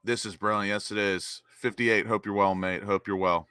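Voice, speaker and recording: A young man hosting a live football watch-along, greeting chat viewers by name and getting excited over the play. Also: on the low side, normal speed, clear, resonant tone, dry recording. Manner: excitable, reads chat names and cheers goals.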